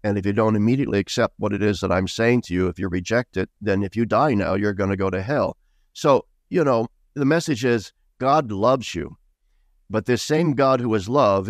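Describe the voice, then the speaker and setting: A man's voice: lowish voice, dry recording, studio quality. A man speaking as an author guest in a podcast interview, earnest and emphatic, repeating key words for stress.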